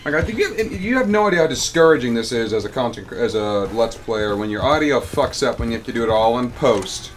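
A man's voice: mid-range voice, animated, fairly quick, few pauses. A man, griping and rambling with stammers as he records commentary over his gameplay at home. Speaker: let's player. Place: home room with air conditioner.

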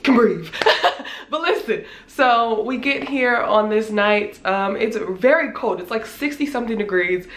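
A woman in her twenties with a congested voice, casually telling a storytime tale with animated delivery, laughing often and filling her talk with "like.". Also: fairly high pitch, a little slow. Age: 20s. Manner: animated, laughing, lots of "like" fillers. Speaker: vlogger. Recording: roomy echo, faint background noise.

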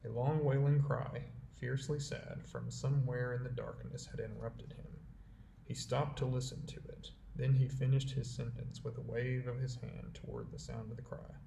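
A man narrating a novel chapter aloud in a measured, steady reading voice. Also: mid-range voice, creaky. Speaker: audiobook reader. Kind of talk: storybook narration. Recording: roomy echo, faint background hiss.

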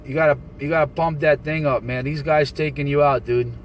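A man from New Jersey on a CB radio channel, calmly teasing and laughing at a rival. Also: a little high, a little fast, heavy background noise. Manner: taunting, laughing, calm and teasing. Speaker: CB radio operator recording his channel. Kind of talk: casual radio banter, mocking.

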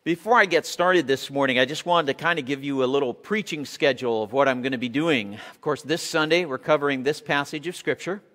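A man's voice: mid-range voice, a bit bright. A man preaching a sermon to his congregation, reading scripture aloud and leading them in a call-and-response cheer. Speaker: pastor. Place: church sanctuary. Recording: long reverb of a church hall.

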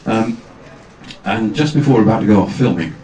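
A man, a guest actor at a fan convention, telling self-deprecating anecdotes on stage with halting restarts. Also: on the low side, mellow. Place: large hall with audience. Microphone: far camera, amateur video. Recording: echoey hall from far off, noisy amateur video.

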